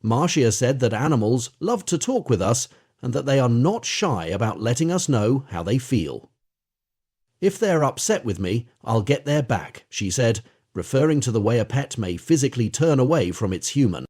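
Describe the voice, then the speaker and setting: A man narrating an audiobook in a gentle, measured reading style. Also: mid-range voice, very animated, breathy edge. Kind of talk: audiobook narration of an interview account.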